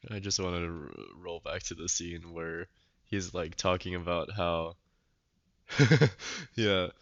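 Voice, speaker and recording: A man's voice: low voice, steady tone, slow pace, a bit bright, dry recording, lo-fi sound. A man co-hosting a podcast, chatting casually about a webcomic, laughing a lot and acting out the characters. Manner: laughs a lot, acts out characters in exaggerated voices. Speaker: podcast co-host reviewing webcomics. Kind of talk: casual chat.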